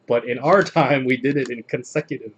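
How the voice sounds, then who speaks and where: A man hosting a casual video where he reads jokes aloud in a flat, deadpan delivery. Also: medium pitch, a little fast, slight background noise. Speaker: host reading jokes on video. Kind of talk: casual joke reading.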